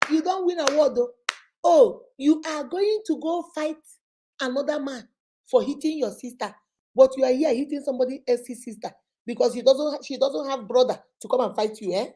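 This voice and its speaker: A woman, a relationship counselor, telling stories and giving advice in a lively, preachy way. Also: sits high, moderate pace. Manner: animated, preachy, acts out people in her stories. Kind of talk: storytelling advice talk.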